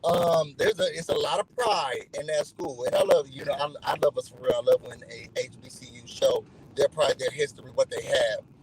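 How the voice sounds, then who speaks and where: A man's voice: on the high side, normal speed, low-quality recording. A man casually recapping a reality show for his channel, telling it animatedly and acting out what people said. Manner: animated storytelling, acting out quotes in other voices.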